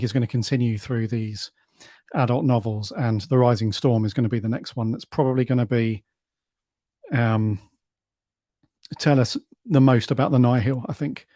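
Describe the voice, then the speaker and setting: A man's voice: mid-range voice, dark tone, no room sound, studio quality. A man co-hosting a podcast, easygoing and hesitant, with many ums. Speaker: podcast co-host. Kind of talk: casual podcast chat.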